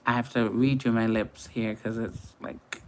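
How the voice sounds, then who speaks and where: A woman's voice: extremely low pitch, little pitch movement, unhurried, slight background noise. Chatty Antiguan woman on late livestream. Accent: Caribbean, Antiguan. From Antigua and Barbuda. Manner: chatty, laughs often, greets viewers warmly. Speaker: makeup artist livestreamer. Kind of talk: casual late-night livestream chat.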